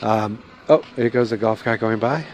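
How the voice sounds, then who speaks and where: A man's voice: lowish voice, moderate pace, background noise. A man hosting a podcast, casually recapping a TV episode outdoors, rambling with lots of fillers and restarts. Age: adult, with a father-in-law. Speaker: podcast host. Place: outdoors, with passing vehicles.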